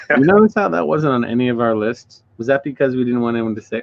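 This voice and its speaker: This married podcast co-host chats casually and spins loose, easygoing stories in a mid-range voice with vocal fry. He talks fast with lively intonation, and the audio sounds dull and lo-fi.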